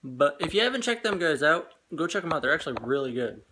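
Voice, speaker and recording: A man's voice: a little high, sing-song. A young man chatting casually as a vlogger, signing off to his viewers. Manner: slow, chatty, drops to a whisper while hiding. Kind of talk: casual vlog chat. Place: inside a store. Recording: loud background noise.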